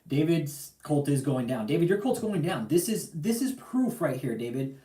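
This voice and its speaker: Here a livestream host with a fairly high, sing-song voice speaks at a moderate pace, mellow in tone, in an echoey room. His heated rant is angry and full of profanity, with repeated lines and direct call-outs aimed at his target.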